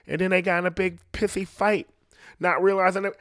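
A man's voice: high voice, flat delivery, a bit bright, dry recording, studio quality. A man doing a stand-up comedy monologue, rambling and swearing constantly. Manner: profane, rambling, fast.

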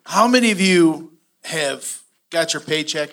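A middle-aged man teaching a church finance class, telling stories with animated, acted-out quotes. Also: on the high side, moderate pace. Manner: animated storytelling, acts out quotes.

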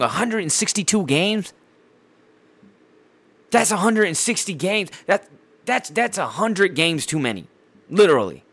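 A man's voice: high-pitched, no echo. Profane, rambling male podcast host. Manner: heavy profanity, blunt and animated. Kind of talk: casual solo podcast rant.

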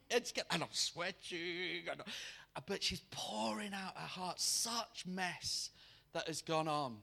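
A man preaching a sermon to a congregation, telling a personal story in an animated way and acting out the people in it. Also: high-pitched, takes it slowly, vocal fry. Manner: animated, acts out quoted voices. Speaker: guest preacher.

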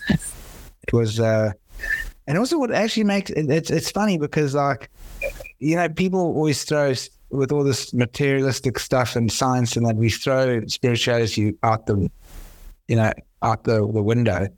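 A man chatting casually on a podcast, halting and searching for his words. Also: mid-range voice, no room sound.

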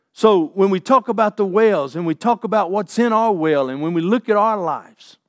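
A man's voice: high voice, no room sound, clean studio sound. A middle-aged man preaching a folksy sermon, calling out for amens and often restarting his sentences. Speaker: pastor.

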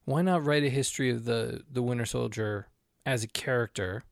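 A man's voice: medium pitch, normal speed, creaky, no echo, clean studio sound. A man hosting a casual conversation, talking animatedly and restarting his sentences as he works through his ideas.

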